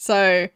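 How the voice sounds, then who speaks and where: A woman streaming a retro role-playing game, reading its text aloud and adding wry, sarcastic asides in a quiet, muttered voice. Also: dry recording, clean studio sound.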